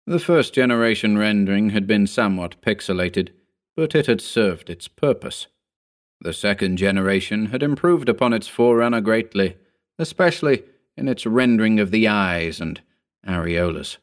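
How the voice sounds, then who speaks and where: Low-voiced male story narrator. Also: normal speed. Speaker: narrator and author.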